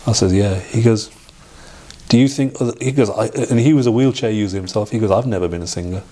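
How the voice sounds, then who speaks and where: A middle-aged man, an interview guest telling a personal story in a halting way, with restarts and acted-out quoted dialogue. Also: on the low side, warm tone.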